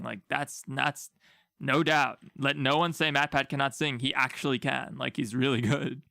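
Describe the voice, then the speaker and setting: A man's voice: medium pitch, steady tone, moderate pace, gravelly, pushed and bright, no room sound. A man chatting casually on a livestream, rambling and easygoing with lots of fillers. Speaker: streamer.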